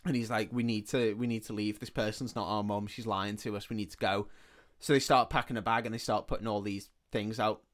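A man's voice: on the low side, steady tone, fairly quick, few pauses. Man recapping a film plot. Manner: retells the plot loosely, acting out the characters' lines. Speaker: podcast host. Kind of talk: casual film recap chat.

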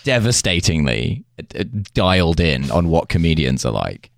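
A man's voice: very deep voice, sing-song, moderate pace, gravelly, dry recording. A man hosting a casual podcast, recapping a sitcom episode with dry, joking asides. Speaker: podcast host.

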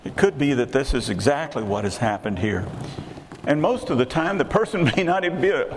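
A man's voice: mid-range voice, animated, a little fast. An older man, preaching a sermon in a conversational way and putting rhetorical questions to the congregation. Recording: echoey hall with clear background hiss.

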